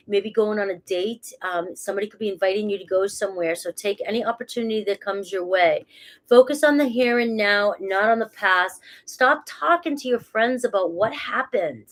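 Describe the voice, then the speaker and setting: A woman's voice: mid-range voice, moderate pace. Chatty woman giving a casual tarot reading. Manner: chatty, rambling, laughs at herself. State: has a cold. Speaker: tarot reader.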